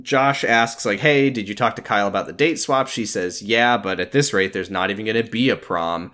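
A podcast co-host summarizing an episode in relaxed conversation. The voice sits at a middle pitch, and the characters' lines get quick acted quotes as the story goes. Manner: narrates plot, acting out characters' lines. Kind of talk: casual recap chat.

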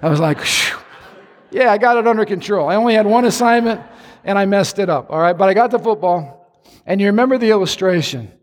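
A man preaching a sermon in a church, telling a story with lively acted-out quotes. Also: high voice, a little fast, long reverb tail. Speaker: pastor. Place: church sanctuary.

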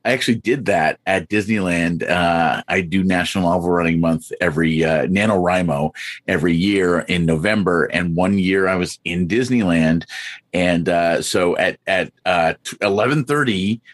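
Podcast guest dude, low voice, chatty with tons of uhs, dry mic. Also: male voice, normal speed, dry recording. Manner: chatty, lots of fillers. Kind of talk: casual chat.

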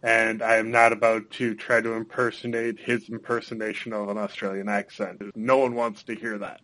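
A man's voice: fairly low pitch, flat delivery, normal speed, fairly bright tone, poor audio. A man hosting a podcast, talking in a wry, conversational way. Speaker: podcast host. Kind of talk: casual podcast chat.

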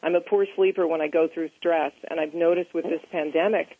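A woman hosting a talk show, reading a scripted introduction and then chatting warmly with her guests. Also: low voice, fairly even intonation, a little fast, husky, no room sound. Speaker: radio show host. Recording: phone-line audio.

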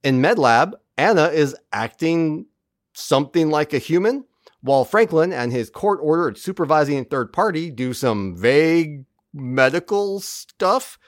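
Animated man recapping a tv episode. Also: fairly high pitch, a little slow, no echo, clean studio sound. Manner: animated, acts out characters' lines while recapping. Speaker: podcast co-host. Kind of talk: casual episode recap chat.

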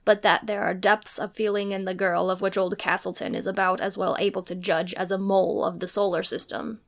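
Gravelly woman narrating a novel. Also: mid-range voice, flat delivery, brisk. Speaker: reader and co-host. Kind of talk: reading a novel aloud.

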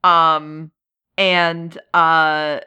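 A woman co-hosting a casual podcast, laughing often and halting with lots of ums. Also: sits low, little pitch movement, pushed and bright, clean tone. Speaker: podcast co-host. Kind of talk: casual chat.

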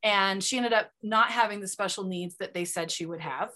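A woman's voice: medium pitch, normal speed, pushed and bright. A woman hosting a podcast, chatty and self-deprecating, rambling with fillers as she talks with a guest. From Utah. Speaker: podcast host. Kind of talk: casual interview chat.

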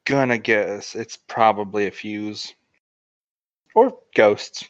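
A man's voice: on the low side, takes it slowly, no room sound. A man who plays a tabletop game and talks in a dry, offhand way. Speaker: player. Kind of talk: casual tabletop play. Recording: dull dry sound.

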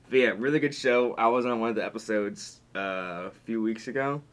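A young man hosting a podcast in casual chat, rambling and laughing often, his voice trailing off quietly. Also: fairly low pitch, normal speed, smooth. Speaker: podcast host.

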